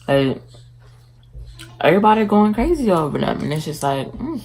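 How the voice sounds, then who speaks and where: A woman with a husky, slightly low voice chats her way through a casual eating vlog at home. Her pitch swings widely as she talks between bites. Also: big pitch swings, fairly quick, rough recording. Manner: chatty, talking while eating. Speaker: vlogger. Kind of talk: casual mukbang vlog chat. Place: indoors at home, in her bedroom.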